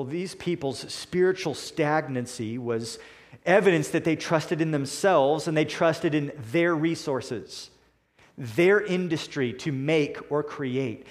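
A man preaching a sermon in a deliberate, emphatic way, slowing down to stress key words. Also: fairly high pitch.

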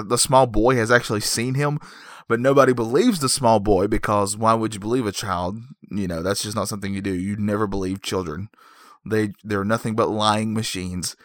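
Rambling, joking man with a low voice. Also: fairly bright tone, no echo, studio quality. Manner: digressive, self-mocking, joking asides. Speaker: comedic movie recapper. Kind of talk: rambling comedic plot recap.

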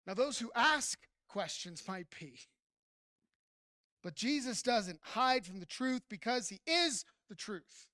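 Pastor, sermon: bright, tense delivery, smooth and crisp, emphatic, calls to the congregation, dry close sound. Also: lively intonation, takes it slowly, dry recording. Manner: emphatic preaching, swelling to near-shouts at high points; addresses congregation directly with frequent "right?".

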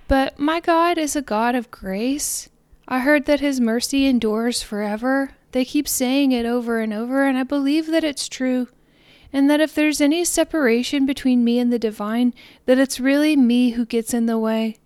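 A woman giving a reflective spiritual talk in a soft, earnest, meditative way, sometimes slowing and fading to near-whispers. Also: high-pitched, clean tone, no room sound. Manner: soft, slows down and trails off into near-whispers on repeated phrases. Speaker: spiritual podcaster.

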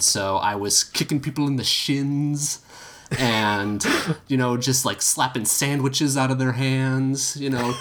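A man's voice: medium pitch, fairly bright tone, slight background noise. A man co-hosting a comedy podcast, joking and rambling with fillers. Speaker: podcast co-host.

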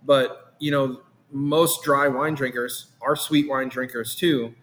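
A man's voice: medium pitch, fairly even intonation, slow pace, a bit bright. Man rambling with many restarts. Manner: rambling, repeats words and restarts often. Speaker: meadery owner. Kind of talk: casual interview chat.

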